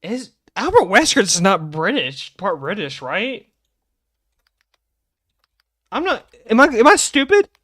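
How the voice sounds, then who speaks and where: A young man streaming live, chatting excitably and rambling about game lore. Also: high-pitched, dry recording, clean studio sound. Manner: excitable, rambling, quick bursts of laughter.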